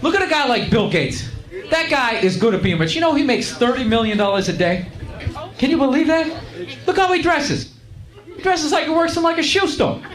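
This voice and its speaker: Brief: exasperated thirties male comic, live club, audience laughter. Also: very high voice. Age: 30s. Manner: self-mocking, exasperated. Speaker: stand-up comedian. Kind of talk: stand-up comedy. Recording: echoey club with crowd laughter and noise.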